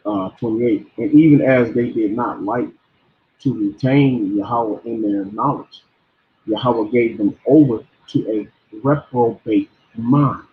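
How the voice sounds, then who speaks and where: A man's voice: mid-range voice, takes it slowly. A man giving an informal sermon, blunt and preachy, often repeating words and stumbling over them. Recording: tinny phone-like sound.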